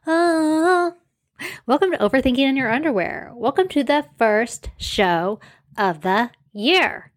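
A woman's voice: a little high, expressive, normal speed. A woman in her forties hosting a casual solo podcast, chatty and self-deprecating, wandering into rambling side notes. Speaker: podcast host.

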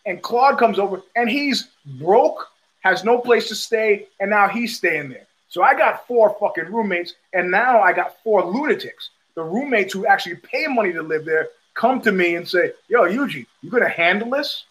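A man's voice: high-pitched, lively intonation, normal speed, fairly bright tone, rough recording. A middle-aged man hosting a show, telling a long profane story and acting out the people in it. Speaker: host. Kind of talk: storytelling monologue.

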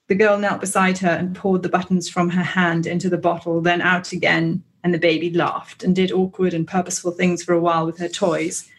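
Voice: mid-range voice, flat delivery, fairly quick, few pauses. A person reading a literary passage aloud in a book discussion, doing American voices for the characters. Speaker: book club member.

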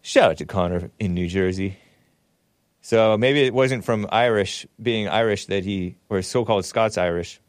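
A man's voice: fairly low pitch, normal speed, no room sound, clean studio sound. A man hosting a livestream talk show, reading viewer messages aloud and chatting in a rambling, chuckling way. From United States.

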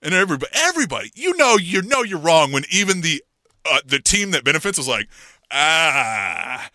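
A middle-aged man co-hosting a podcast in casual chat, telling a story in an animated way and acting out what people said. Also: sits high, fast talker, no echo, studio quality. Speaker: podcast co-host.

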